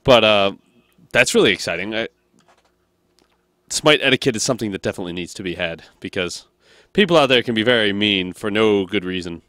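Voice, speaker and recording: A young man hosting a casual show, upbeat and animated, laughing often. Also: lowish voice, brisk, long pauses, dry recording, studio quality. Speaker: show host, tournament caster. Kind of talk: casual chat.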